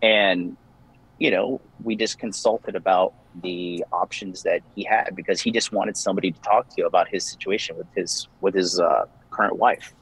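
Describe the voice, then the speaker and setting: A man's voice: low voice, steady tone, normal speed, fairly bright tone, breathy edge, rough recording. A young man, a dating coach, talking casually and defensively with many restarts. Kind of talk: casual call-in conversation.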